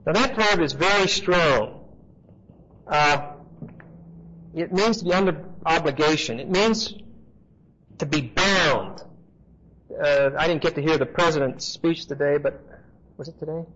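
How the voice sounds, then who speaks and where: Brief: male Bible teacher with a fairly high voice, chatty and emphatic, heard on a dull lo-fi tape. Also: normal speed, long pauses, a bit bright. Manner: conversational, emphatic, checks in with the class. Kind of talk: expository Bible teaching to a class. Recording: dull lo-fi recording with faint hiss.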